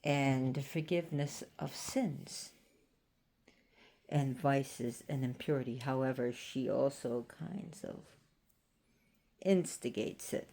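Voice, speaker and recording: A woman's voice: extremely low pitch, slow, vocal fry, long pauses, warm tone. A woman from Florida giving a casual, rambling spoken presentation on an occult topic, often circling back with "so anyways.". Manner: chatty and rambling, with frequent "so anyways".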